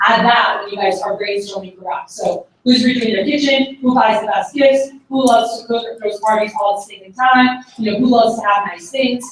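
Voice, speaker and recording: A woman's voice: fairly high pitch, moderate pace, hardly any pauses. A woman giving a chatty sales-training talk at a conference, full of "like" and "you know". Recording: very echoey, far from the mic, faint room noise.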